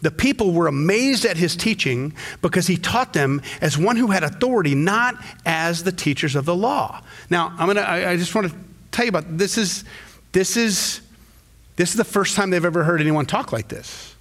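A middle-aged man, the pastor, preaching a sermon in a church, telling stories and acting out quotes with sudden jumps in pitch. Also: lively intonation, moderate pace, a bit bright.

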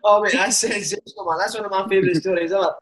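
High, fast man. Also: steady tone, fairly bright tone. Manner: eager, chummy, quick reactions. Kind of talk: casual chat.

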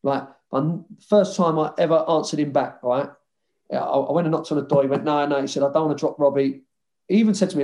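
A man's voice: fairly high pitch, fast. A man, a former footballer telling stories in a casual interview, swearing and acting out conversations. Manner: swearing, animated retelling with quoted dialogue.

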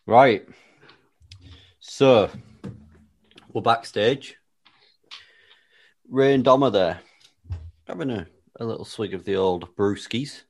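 A man's voice: fairly low pitch, takes it slowly, gravelly, long pauses, breathy edge. A man casually telling a made-up wrestling-style storyline with dry, playful tangents. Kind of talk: casual chat, pitching a joke storyline.

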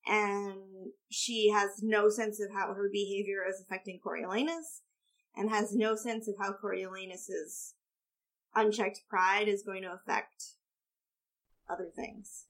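A woman co-hosting a podcast, chatting in a lively way about a theatre production. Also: medium pitch. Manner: lively, chatty, quick to act out quotes. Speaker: podcast co-host. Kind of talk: casual theatre discussion.

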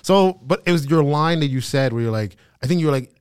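A man telling stories in casual podcast banter, chatty and animated, swearing often. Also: a little high, fast, clean tone, no room sound, studio quality.

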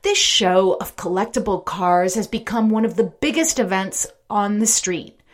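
A woman podcast host reading a scripted narration in a measured, clear way. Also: mid-range voice.

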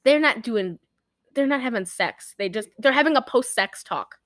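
On a podcast, a young co-host casually recaps a film, rambling along and performing the characters' quotes with animation. Her voice sits on the high side at a moderate pace, with no echo.

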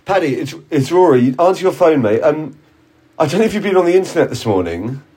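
A man's voice: a little high, big pitch swings, brisk, dark tone, breathy edge. A man co-hosting a comedy podcast, speaking in an exasperated, urgent way. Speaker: podcast co-host. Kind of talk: comedy sketch.

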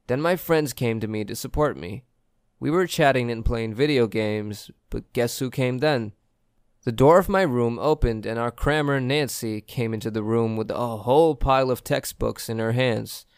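A man reading a first-person story aloud as a steady, even storyteller. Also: mid-range voice, normal speed, smooth, no echo, clean studio sound. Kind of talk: first-person scripted narration.

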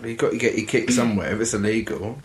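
A man's voice: on the low side, fast. A man co-hosting a podcast, reacting with enthusiasm and laughing easily in casual chat. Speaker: podcast co-host.

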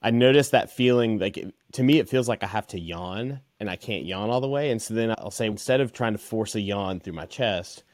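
A man hosting a podcast, chatting in a relaxed, conversational way with many fillers. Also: lowish voice, a little fast, few pauses, dry recording. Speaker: podcast host. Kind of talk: casual interview chat.

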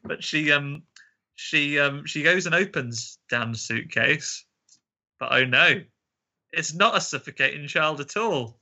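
A man's voice: a little high, expressive, slow pace, vocal fry, sharp tone, dull audio. A man co-hosting a casual chat, recapping a film plot with jokes and laughter. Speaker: podcast co-host.

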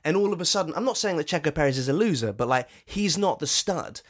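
A man co-hosting a comedic podcast, chatting loosely and jumping into exaggerated voices. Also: fast. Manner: animated, jumps into high exaggerated voices for impressions. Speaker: podcast co-host. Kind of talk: casual comedic chat.

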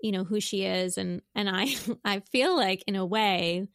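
Woman, 30s, casual podcast co-host; talkative, filler-heavy delivery, mid pitch, dry close-miked sound. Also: unhurried, fairly bright tone, smooth, no echo. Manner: chatty, lots of filler words. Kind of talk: casual chat.

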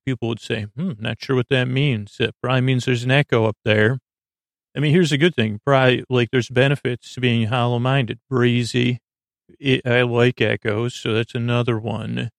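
A man hosting a sleep podcast, talking in a soft, lulling, creaky way and wandering off on goofy tangents. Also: medium pitch, no room sound, clean studio sound. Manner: meandering, self-interrupting, goofy tangents. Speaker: podcast host. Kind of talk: rambling sleep podcast monologue.

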